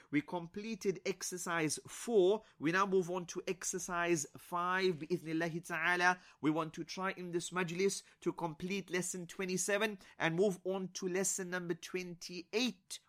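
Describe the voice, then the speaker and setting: A man with a fairly high, sharp-toned voice teaches an Arabic grammar lesson, slowly repeating each example before translating it and slipping in short words of praise.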